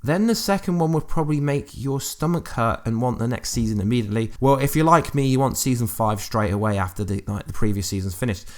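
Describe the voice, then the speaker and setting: A man hosting his own fan channel, talking at a middling pitch. He reads quotes out and then thinks aloud about them, with plenty of ums and restarts. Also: animated, fast, hardly any pauses. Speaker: YouTube fan channel host. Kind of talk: casual commentary on TV news.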